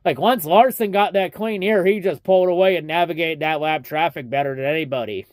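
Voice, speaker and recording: A man's voice: fairly high pitch, fairly quick, dry recording, clean studio sound. A young man giving a casual, profanity-heavy race recap, ranting and mocking as he talks. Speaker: racing recap vlogger.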